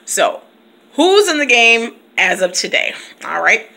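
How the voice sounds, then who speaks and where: A woman's voice: fairly high pitch, sing-song, takes it slowly, creaky, bright, forceful tone. A woman teacher vlogging in a casual, playful chat, laughing often and breaking into bits of song. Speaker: teacher and video blogger. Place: at home, reading from her computer.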